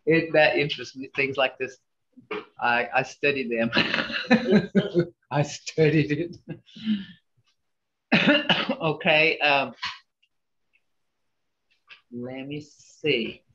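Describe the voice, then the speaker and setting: Slow, patient male teacher on a video call. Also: on the high side, big pitch swings, bright, forceful tone. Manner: slow, patient, repeats words to show tone. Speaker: language teacher. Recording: roomy, dull video call audio.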